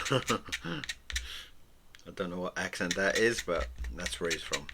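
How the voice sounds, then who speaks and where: A man teaching drawing in a relaxed, playful way, encouraging the listener and often dropping to a whisper. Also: sits low, takes it slowly, vocal fry, very noisy. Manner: soft-spoken, often drops to a whisper. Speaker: art teacher.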